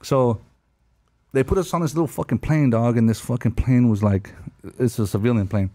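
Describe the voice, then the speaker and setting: A man in his thirties tells stories in a loose, slangy way, swearing constantly and breaking into laughs. His voice sits at an ordinary middle pitch. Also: normal speed, dark tone. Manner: slangy, profane, storytelling with laughs. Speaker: guest telling war stories. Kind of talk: casual podcast chat.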